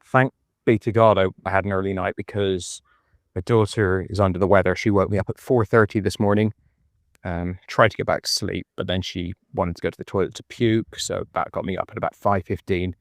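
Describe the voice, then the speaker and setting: A man's voice: sits low, steady tone, a little fast, dry recording, clean studio sound. An Irish man chatting and rambling in a phone voice note while walking outdoors. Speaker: podcast co-host. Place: park outdoors at dusk.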